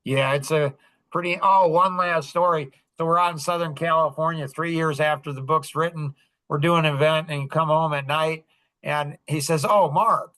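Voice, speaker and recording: Animated storytelling man, bright voice. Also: a little high, normal speed, dry recording. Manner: animated, acts out quoted dialogue. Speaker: podcast host. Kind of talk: casual storytelling chat.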